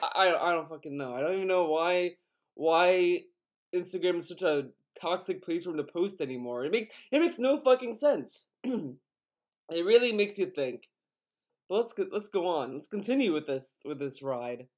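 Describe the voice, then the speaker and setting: A man's voice: high voice, expressive, normal speed. A young man giving mocking, profane and exasperated commentary. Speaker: commentary youtuber. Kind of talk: sarcastic commentary.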